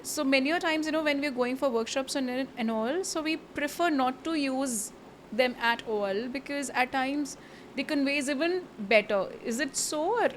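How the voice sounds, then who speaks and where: A woman's voice: sits high, moderate pace. A woman with an Indian English accent hosting an interview, chatty and enthusiastic. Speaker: host. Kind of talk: conversational interview, Hinglish. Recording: faint background noise.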